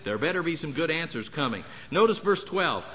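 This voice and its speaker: Man, preacher, sermon in a church, lively pitch, acts out characters, humorous. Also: brisk. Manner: animated, acts out Bible characters with jumps in pitch; humorous asides, chuckles. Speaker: pastor. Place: church sanctuary.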